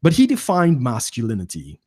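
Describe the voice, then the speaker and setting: A male host chatting in a friendly, animated way, his pitch rising and falling a lot. The sound is dry and close, with no room echo. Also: normal speed, slightly rough. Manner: friendly, animated, frequent affirmations. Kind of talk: casual interview chat.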